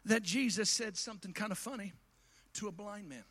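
A man preaching a sermon to his congregation in a folksy way, addressing them directly and swinging from quiet asides to shouted climaxes. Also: sits high, a little fast.

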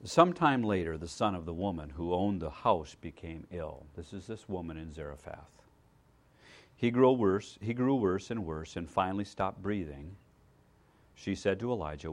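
A man delivering a sermon in a mid-pitched voice, teaching in a conversational way and often asking his listeners whether they follow. His volume swings from loud emphasis to hushed asides, and he stumbles and repeats words as he thinks aloud. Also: big pitch swings, normal speed. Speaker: pastor.

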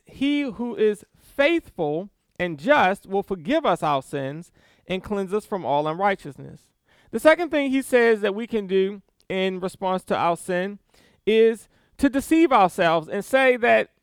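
Male preacher, high and lively, slow and deliberate, dry close sound. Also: smooth, no echo. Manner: animated, reads scripture aloud with emphatic stresses and small laughs. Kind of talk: sermon.

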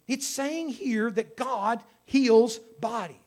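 A man, preaching a sermon, swinging from loud exhortation to hushed storytelling. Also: high voice, brisk. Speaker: pastor.

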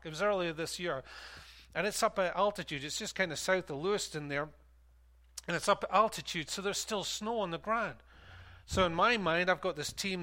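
A man, a pastor preaching a sermon and telling a story, animated and laughing at times. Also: high voice.

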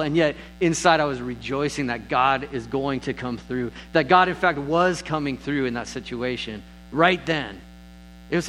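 A man's voice: a bit bright, a little hiss or hum, poor audio. A man preaching a sermon as pastor, earnest in tone, lifting his voice when he reads scripture aloud. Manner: earnest, rises in pitch and volume on scripture readings.

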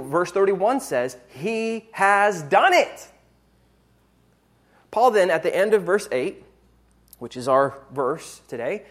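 An earnest preacher talks the listeners through a sermon, with a voice that rises and falls a great deal. The delivery is plain and teacherly, with now and then a quick self-correction mid-sentence. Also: medium pitch.

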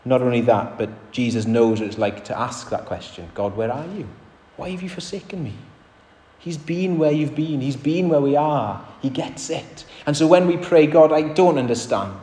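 A man's voice: mid-range voice, normal speed, few pauses, mellow. A man delivers a sermon in an earnest, conversational manner, lifting and dropping his emphasis as he makes each point. His mid-range voice rings out in a church with a long, roomy reverb. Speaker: preacher. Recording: echoey church hall.

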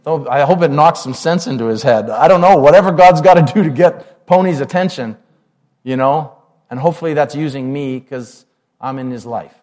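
A man's voice: fairly high pitch, normal speed, darkish tone. Conversational man preaching a sermon. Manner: conversational, asks the congregation questions. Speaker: pastor.

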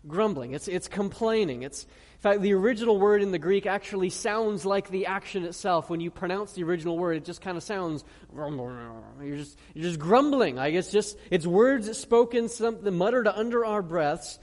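Earnestly preaching, a pastor whose voice is high-pitched yet a little mellow asks his listeners rhetorical questions. His slow, emphatic scripture reading rings through the long reverb of a large church hall.

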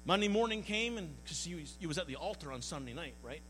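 High-voiced man preaching in a reverberant hall. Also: lively intonation, fast talker, a bit bright, faint music behind. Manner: earnest, folksy, stumbles and repeats words. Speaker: pastor. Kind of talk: sermon. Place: church hall. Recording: long hall reverb, mains hum.

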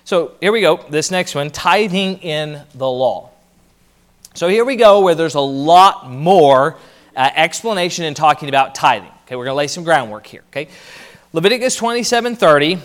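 A man's voice: on the high side, animated, moderate pace. A man preaching a teaching sermon, explaining points and reading scripture aloud, repeating key ideas for emphasis. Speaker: pastor.

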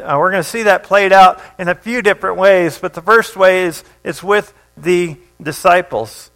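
A man's voice: high-pitched, a bit bright, poor audio. A man preaching a sermon, reading a Bible passage aloud and then explaining it in a loose, conversational way with fillers and restarts. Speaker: pastor.

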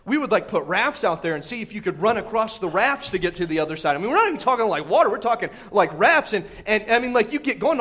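A man preaching a sermon, retelling a story in animated fashion, full of fillers and repeats, swinging between shouts and hushed asides. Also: extremely high pitch. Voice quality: filler-heavy, repetitive.

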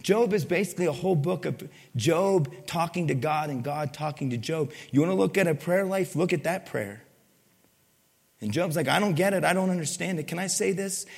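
A man delivers a sermon in a relaxed, conversational way and keeps checking in with his listeners. His voice is gravelly with a fry and sits a bit high for a man. The sound trails off into a long hall reverb. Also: normal speed. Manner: conversational, asks the crowd for amens. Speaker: pastor.

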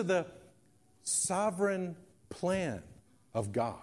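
Slow, emphatic preaching man. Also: medium pitch, animated, darkish tone. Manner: deliberate preaching with emphatic repetition. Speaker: pastor. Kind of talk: sermon. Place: church sanctuary.

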